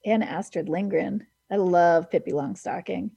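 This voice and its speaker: On her radio show, a woman talks about books with casual enthusiasm, laughing readily. Her voice is fairly low, warm, creaky and slightly rough, and she takes her time.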